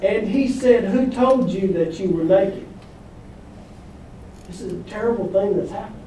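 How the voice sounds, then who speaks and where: Male pastor, high, mellow voice, slow deliberate delivery, distant echoey church hall. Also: a little hiss or hum. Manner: emphatic, call-and-response preaching. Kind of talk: sermon. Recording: echoey room from far off.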